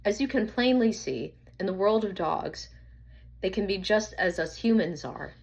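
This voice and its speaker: A woman narrating a children's storybook in an earnest, slightly halting reading. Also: mid-range voice, expressive, gravelly, darkish tone, breathy edge.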